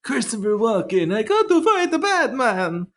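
A choppy, oddly paused impression of a famous screen actor, as a man puts it on. The voice sits noticeably higher than his usual talk. It is played for laughs. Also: very animated, a bit bright, full character voice. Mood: mock-menacing. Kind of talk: comic impression.

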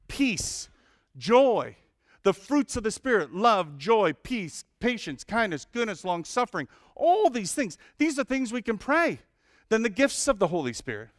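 High-voiced man preaching lively. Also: dry recording, studio quality. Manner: lively preaching with asides and humor. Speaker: pastor. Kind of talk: sermon.

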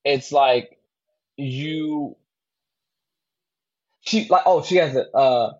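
Speaking very slowly, this podcast co-host muses about a movie in a casual, meandering way, full of fillers and false starts. He has a medium-pitched voice, captured in a recording that sounds a bit dull and low-fidelity.

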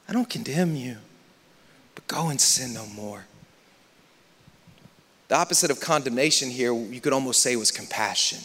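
A man preaching a sermon as pastor, moving between hushed, near-whispered passages and loud, impassioned stretches. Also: medium pitch, normal speed. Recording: long reverb of a large hall.

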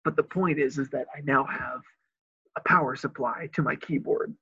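Young husky-voiced man from Illinois, relaxed storytelling chat, dull dry recording. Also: moderate pace. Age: young adult. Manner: animated, laughs often, breaks into high excited voices. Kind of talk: casual chat. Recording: dry, slightly dull lo-fi sound.

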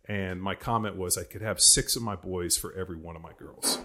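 A man's voice: sits low, brisk, sharp tone. A man in his forties chatting casually about raising his kids, rambling with lots of fillers and restarts. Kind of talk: casual chat.

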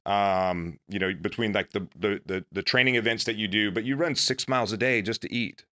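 Casting: man, lowish voice, bright tone, earnest storyteller with a self-deprecating streak. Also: brisk. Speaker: former Navy SEAL guest. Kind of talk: casual storytelling.

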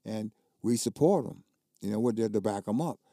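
Warm, lowish and animated at a moderate pace, an older basketball coach shares stories as a guest. His speech is colloquial and emphatic, with repeated words when he's worked up, recorded in studio quality without echo.

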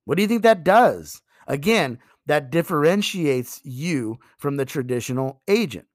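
A man giving a sales training talk, emphatic and animated, acting out pitches to customers. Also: dry recording, studio quality.

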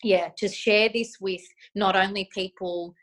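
A woman's voice: mid-range voice, steady tone, measured pace, a bit bright. A woman co-hosting a podcast over a remote call from a friend's house, talking in an effusive, emotional, gushing way. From Australia. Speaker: podcast co-host. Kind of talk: casual podcast chat.

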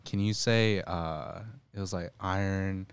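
A man's voice: deep voice, steady tone, moderate pace, smooth. A man chatting casually on a stream, easygoing and a bit hesitant.

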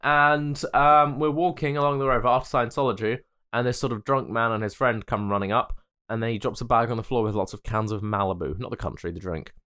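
A man's voice: mid-range voice, fairly even intonation, fairly quick, hardly any pauses, bright, forceful tone, clear, resonant tone. A man co-hosting a casual comedy podcast, playful and laughing often, slipping into silly voices. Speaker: podcast co-host.

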